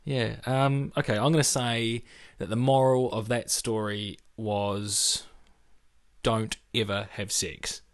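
A man's voice: lowish voice, flat delivery, slow, slight background noise. A man in casual banter, reacting with dry exasperation.

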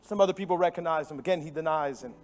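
A man preaching a sermon as a pastor into a microphone in a church, animated and emphatic, swinging between loud stresses and hushed, soft passages. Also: fairly high pitch, racing, faint music behind. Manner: animated storytelling with sudden drops to hushed tones.

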